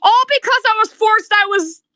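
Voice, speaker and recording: Speaking slowly and stumbling over her words, a woman with a very bright, very high voice rants bitterly at the camera, accusing someone. This video creator's emotional vlog is recorded close and dry, with no echo.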